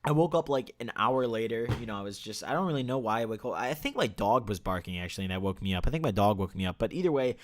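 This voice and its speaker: A young man vlogging a casual storytime, rambling and profane, with lots of fillers and sudden swings in loudness. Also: on the low side, lively intonation, fast talker, few pauses.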